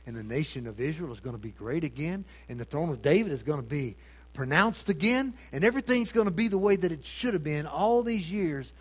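Male preacher, sermon, rhetorical questions, loud bursts, quiet asides. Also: a little high, lively intonation, a little fast, breathy edge. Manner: dramatic swings between loud emphasis and hushed tones; addresses congregation with rhetorical questions.

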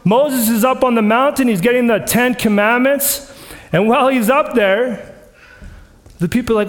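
A man with a very high voice delivers a sermon, earnest and conversational, slipping into the voices of the people in the scripture he quotes. His words ring out with a long reverb from a church sanctuary. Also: moderate pace. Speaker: pastor.

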